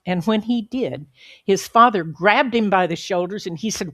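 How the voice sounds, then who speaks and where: A woman giving an inspirational sermon as a guest speaker, telling a story in an earnest, measured way with emphatic pauses. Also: medium pitch, dry recording. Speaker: guest speaker at a spiritual center.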